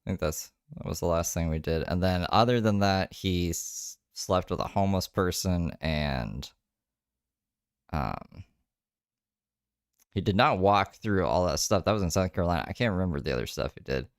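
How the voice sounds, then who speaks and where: A man with a very low voice chats through a stream recap in a loose, rambling way, dropping the odd swear word. His voice is close and dry, with no room sound at all. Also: lively intonation, normal speed, smooth, no echo. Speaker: streamer host. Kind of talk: casual livestream commentary.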